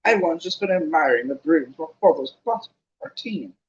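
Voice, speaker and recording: A man's voice: on the high side, lively intonation, moderate pace, highs cut off, pitched above the performer's own voice, natural voice. A man voicing a smug, sneering schoolboy rival with a drawling, boastful manner.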